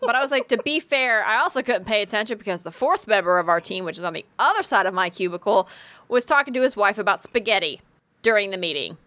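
A young woman telling a work story in casual chat, animated and swearing freely, acting out what she said. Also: mid-range voice, fast, no echo.

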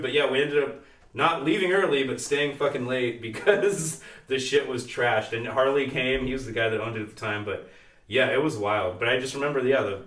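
A man's voice: mid-range voice, a bit bright, far from the mic. A young man co-hosting a podcast tells stories in a loose, swear-heavy way. His voice sits back from the mic in a roomy, echoing space. He chats casually with a friend. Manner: swears a lot, storytelling with laughs. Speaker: podcast co-host. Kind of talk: casual chat.

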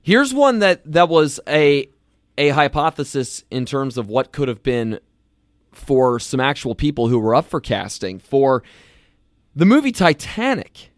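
A man's voice: medium pitch, very animated, measured pace, no room sound, clean studio sound. A man co-hosting a casual movie chat, telling stories and asking questions with energy. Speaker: podcast co-host.

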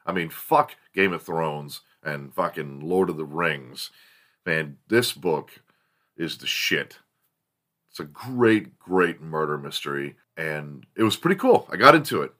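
Male host, low bright voice, profane and animated casual storyteller. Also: measured pace. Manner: profane, animated storyteller with big pitch jumps.

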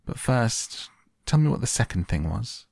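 A man's voice: mid-range voice, sing-song, a little slow, vocal fry, a little mellow, slightly rough, no echo, studio quality, voice pushed up, heavily acted. A man voicing a spoiled, demanding sickly boy who gives orders grandly in a storybook reading. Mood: curious. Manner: commanding, grand.

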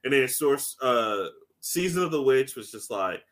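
A man co-hosting a casual podcast, animated and laughing often as he acts out movie lines. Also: mid-range voice, unhurried. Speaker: podcast co-host. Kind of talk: casual chat.

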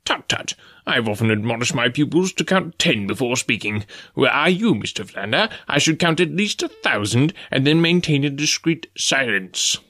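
A man's voice: medium pitch, expressive, moderate pace, hardly any pauses, pushed and bright, no room sound, pitched above the performer's own voice. A man voicing a fussy, pedantic elderly male professor in an audiobook. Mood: admonishing. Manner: prim, scolding.

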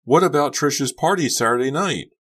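A man voicing an emotional teenage girl in an audiobook, speaking in a high, strained, pleading voice. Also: sing-song, normal speed, fairly bright tone, full character voice. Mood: wailing.

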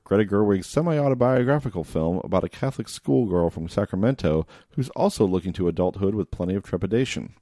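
Deep-voiced male podcast host. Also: mellow, no echo, studio quality. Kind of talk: scripted film podcast intro, then casual discussion.

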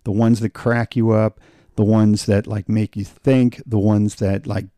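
A man's voice: fairly low pitch, level tone, a little slow, warm tone, no room sound, clean studio sound. A man co-hosting a casual podcast, laid-back and agreeable, often laughing. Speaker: podcast co-host.

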